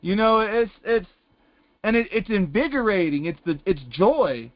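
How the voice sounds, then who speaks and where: A man's voice: sits high, lively intonation, a little slow, no echo. A man giving casual, rambling testimony in a call-in Bible class, talking in loose colloquial phrases and circling back with "it's like.". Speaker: class participant. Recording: dull lo-fi conference call line.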